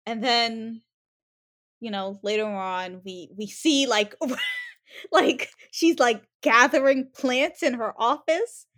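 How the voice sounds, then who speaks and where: A woman's voice: fairly high pitch, big pitch swings, slow, a bit bright. A woman in a casual chat, recapping a TV episode and acting out the characters' lines. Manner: chatty, acts out characters' lines while retelling.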